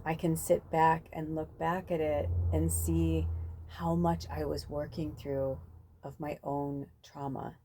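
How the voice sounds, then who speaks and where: Rambling woman with a mellow, low voice. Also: flat delivery, slow, a little hiss or hum. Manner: rambling, full of fillers, swears freely. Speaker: spiritual podcast host. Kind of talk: casual rambling monologue.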